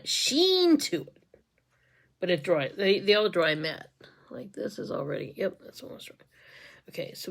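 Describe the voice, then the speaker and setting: A woman vlogging a casual makeup tutorial on her phone. She talks in a chatty, giggly way, trails off and restarts often, and drops to soft mutters while she works. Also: lowish voice. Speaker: beauty vlogger and makeup sales representative. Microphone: phone camera.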